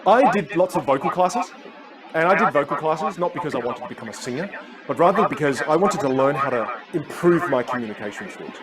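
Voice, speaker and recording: A communication coach whose first language is Teochew delivers a keynote with energetic storytelling. His voice sits a little high and leaps all over its range. The live recording carries loud crowd noise and ambience. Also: a little fast, low-quality recording. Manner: animated storyteller who acts out voices. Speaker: public speaker and communication coach. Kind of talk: keynote talk.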